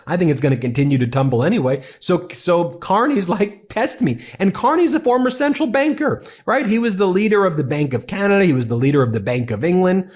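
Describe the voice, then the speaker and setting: A man hosting an online commentary show, excited and mocking as he reacts to clips. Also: high-pitched. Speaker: political commentary host. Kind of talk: casual opinion commentary.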